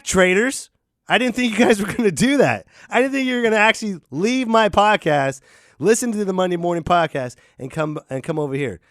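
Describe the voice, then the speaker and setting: A man hosting a solo podcast, ranting in an animated, jokey way. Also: fairly high pitch, dry recording, clean studio sound. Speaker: podcast host. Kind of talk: casual solo podcast rant.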